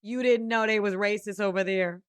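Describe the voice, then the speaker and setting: A woman co-hosting a podcast, giving blunt, animated opinions in a casual gossip chat. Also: mid-range voice, moderate pace, clear, resonant tone, no echo. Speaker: podcast co-host.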